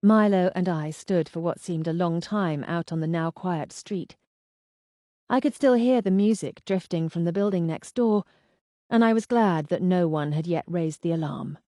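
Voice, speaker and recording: A woman narrating a first-person mystery novel in an even, expressive storytelling manner. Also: fairly low pitch, normal speed, dry recording, studio quality. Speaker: audiobook narrator.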